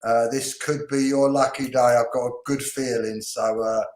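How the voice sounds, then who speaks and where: A man's voice: medium pitch, flat delivery, moderate pace, a little mellow, echoey room. A British man hosting a live online hair class, greeting viewers in an upbeat, chatty way with lots of ums, on a video call. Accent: British English. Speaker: host.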